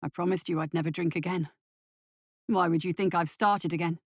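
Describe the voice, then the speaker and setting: A woman voicing a guilt-ridden working-class father and former drinker, gruff and defensive. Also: a little high, fairly even intonation, brisk, dry recording, studio quality, voice pushed down, lightly acted. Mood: remorseful.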